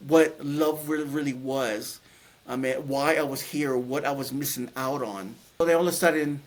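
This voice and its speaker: A middle-aged man telling a personal story in a casual, rambling way, full of restarts and fillers. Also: medium pitch. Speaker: guest telling his near-death story.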